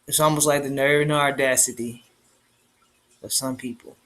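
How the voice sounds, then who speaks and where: A man's voice: mid-range voice, fairly even intonation, moderate pace, a bit bright. A man on a livestream, delivering an impassioned rant, profane and emphatic, repeating lines for force.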